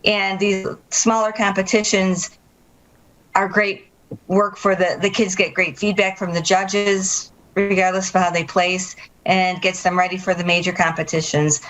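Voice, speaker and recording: A woman's voice: medium pitch, level tone, unhurried, fairly bright tone, poor audio. A woman guest on a local TV interview, explaining things in a friendly, casual way. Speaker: guest, dance school representative.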